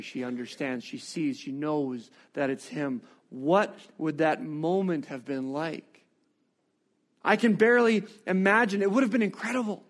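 A man preaching a sermon, reading scripture and reflecting on it with expressive, rising rhetorical questions. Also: on the high side, normal speed.

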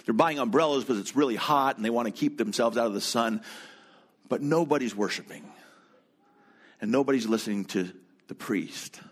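A man's voice: mid-range voice, normal speed, long pauses, breathy edge. A man preaching a sermon as a pastor, telling a travel story in a conversational way and turning to speak directly to his congregation in the room.

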